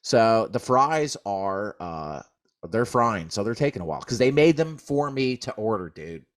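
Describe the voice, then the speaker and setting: A man's voice: fairly low pitch, sing-song, unhurried. A man, co-hosting a podcast and telling a rambling, profane story in casual chat. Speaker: podcast co-host.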